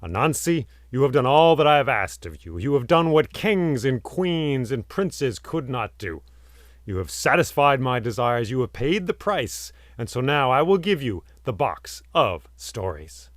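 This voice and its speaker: A man voicing a grand male sky god who speaks in slow, stately pronouncements. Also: medium pitch, sing-song, no room sound, clean studio sound. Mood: solemn.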